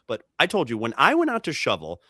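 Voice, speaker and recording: On a comedy podcast, a male co-host rattles through stories in casual chat at a fast clip, animatedly acting out quoted people with leaps in pitch. The audio is clean studio quality with no echo.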